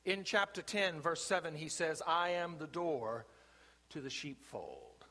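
A man's voice: on the high side, lively intonation, bright, forceful tone. Emphatic preaching man in a reverberant church. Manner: slow, emphatic preaching with deliberate pauses. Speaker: pastor. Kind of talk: sermon. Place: church sanctuary. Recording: long reverb of a church sanctuary.

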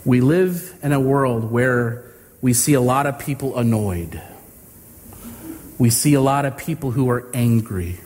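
A male pastor giving a sermon with earnest, drawn-out emphasis. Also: medium pitch, a little mellow, a little hiss or hum. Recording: reverberant hall with faint ambience.

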